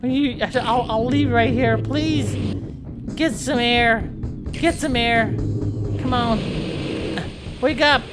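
A woman's voice: medium pitch, voice pushed up. A woman voicing a needy, sentimental whale that pleads and cries out in a raised voice, repeating itself.

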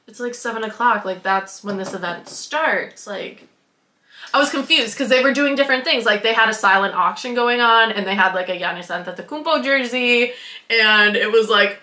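Telling a casual story to her vlog, a young woman from Wisconsin, USA, giggles, bubbles over, says "like" a lot and acts out what people said. Her fairly high voice sounds pushed and bright. The room is echoey.

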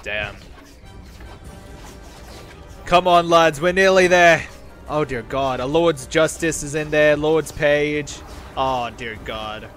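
A man giving excitable gameplay commentary, exclaiming often as the fight unfolds and rallying his troops. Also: a little high, slow, soft background music. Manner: rallies his game troops with shouted battle cries. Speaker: gaming video host.

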